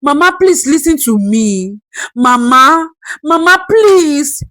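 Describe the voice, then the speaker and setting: A woman's voice: high-pitched, expressive, slow pace, a bit bright, no echo, exaggerated voice, poor audio. A woman voicing a tired middle-aged father who pleads and placates. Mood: pleading.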